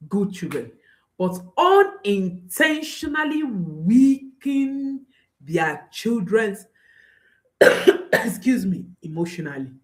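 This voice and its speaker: In a direct-to-camera talk for parents, a woman speaks slowly in a slightly bright voice, her pitch swinging up and down. She stays earnest and emphatic throughout, returning again and again to her main phrases.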